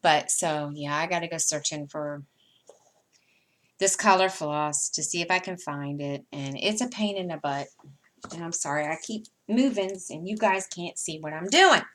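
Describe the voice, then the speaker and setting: A middle-aged woman with a light Southern American accent talks on and on in a loose, rambling way, her sentences often trailing off into fillers. Her voice sits a little low for a woman. She sounds like a crafter chatting casually to her viewers. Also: moderate pace, fairly bright tone. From United States. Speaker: cross-stitch vlogger. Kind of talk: casual chat while sorting floss.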